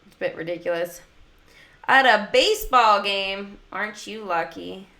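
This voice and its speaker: Chatty woman gaming streamer, bright sharp voice, talking to chat while she plays. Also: mid-range voice, moderate pace. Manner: chatty, talks to chat and viewers. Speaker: gaming livestreamer. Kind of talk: casual livestream commentary.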